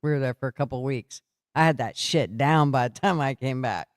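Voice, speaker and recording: A man's voice: medium pitch, fairly quick, no echo, clean studio sound. An older man hosting a casual chat, laughing a lot. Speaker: podcast host.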